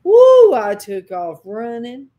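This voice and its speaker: A woman's voice: medium pitch, a little slow, a little mellow, lo-fi sound. A woman preacher giving a sermon, telling a dream as personal testimony in a dramatic, impassioned way with sudden cries.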